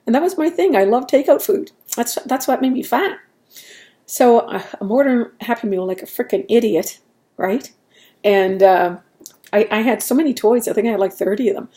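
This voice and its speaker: Chatty rambling woman, mellow voice. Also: a little high, normal speed. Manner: chatty and rambling, laughs at herself. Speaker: vlogger. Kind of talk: casual chat.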